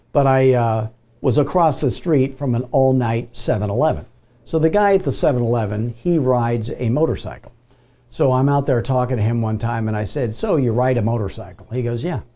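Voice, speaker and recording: A man's voice: mid-range voice, warm tone. A middle-aged man coaching real estate agents in a casual, anecdotal way, acting out the dialogue of his stories. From Phoenix, Arizona. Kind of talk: motivational video talk with storytelling.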